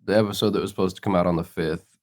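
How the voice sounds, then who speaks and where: A man's voice: low-pitched, fairly even intonation, very fast, a little mellow. A man co-hosting a podcast, telling rambling stories with lots of fillers and laughs, still getting over being sick. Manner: rambling storyteller, laughs often, many fillers. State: recovering from illness. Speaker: podcast co-host. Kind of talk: casual chat.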